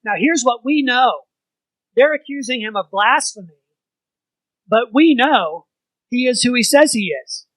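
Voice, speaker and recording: Bright-voiced man teaching a Bible study. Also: very high voice, expressive, measured pace, pauses often, no room sound, low-quality recording. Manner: conversational, poses questions to the group. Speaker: pastor leading a Bible study.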